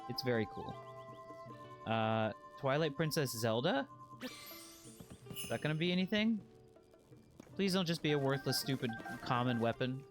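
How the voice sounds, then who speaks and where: A man streaming a video game, chatting in a playful, joking way and breaking into excited squeals. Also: mid-range voice, moderate pace, long pauses, over music. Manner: puts on a put-on accent by habit. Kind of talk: casual let's-play commentary.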